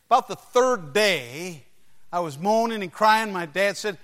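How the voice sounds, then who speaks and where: A male preacher with a fairly high voice delivers his sermon through personal stories, leaning on emphatic phrasing and dramatic pauses. His words ring through a long, reverberant hall. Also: fairly bright tone.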